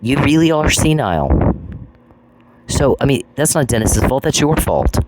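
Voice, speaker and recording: A man's voice: mid-range voice, very animated, normal speed. A man hosting a podcast, ranting in a scornful, taunting way, repeating phrases and swearing. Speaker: podcast host. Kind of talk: angry podcast rant. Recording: noisy with clicks.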